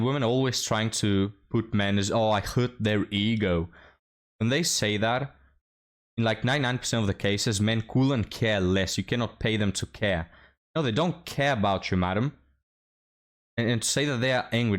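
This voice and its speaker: A man's voice: lowish voice, normal speed. A man hosting a reaction commentary, mocking and scornful, often laughing as he talks. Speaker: commentary host.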